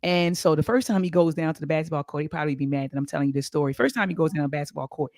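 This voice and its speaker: A woman hosting a talk show, telling stories in an animated way and repeating words for emphasis. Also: deep voice, rapid-fire, no room sound, studio quality. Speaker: host. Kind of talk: casual talk-show discussion.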